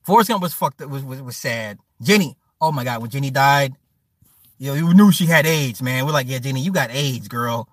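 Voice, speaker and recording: A man giving a crude, joking rant to his stream viewers, laughing often, with his pitch swinging up and down. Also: moderate pace, no echo, clean studio sound.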